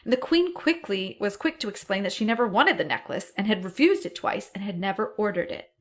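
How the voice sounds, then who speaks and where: A woman's voice: mid-range voice, fairly quick. Woman co-host telling a story casually. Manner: animated, acts out quotes, swears casually. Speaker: podcast co-host.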